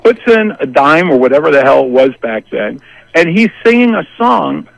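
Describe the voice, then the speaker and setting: Older male guest, gravelly and a bit high, dry close sound, spins an animated rambling yarn. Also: moderate pace, no room sound, poor audio. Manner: animated, acts out family members' voices; rambling with many restarts and asides. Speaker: interview guest. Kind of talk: casual storytelling.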